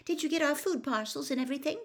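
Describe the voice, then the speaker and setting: A woman voicing an eager, brisk teenage girl witch, raising her pitch for the part in a storybook reading. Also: natural voice. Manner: quick, eager questions.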